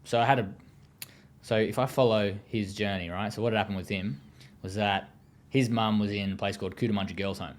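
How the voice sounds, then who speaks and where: A man's voice: fairly low pitch, fairly even intonation, fairly quick. An Australian man speaking as an interview guest, telling his story in a blunt, profane, casual way with many fillers.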